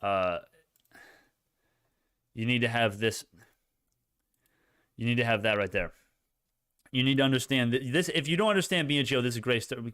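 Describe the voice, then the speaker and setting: A man giving live stock-market commentary, excitable and rambling, with frequent swearing and self-corrections. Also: medium pitch, clear, resonant tone, no room sound, clean studio sound.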